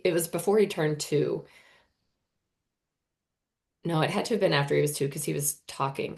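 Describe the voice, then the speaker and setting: A woman in her thirties tells a deeply personal story as a podcast guest, her voice sitting a little low. She speaks earnestly and with animation, often slipping into the voices of the people she describes. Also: gravelly.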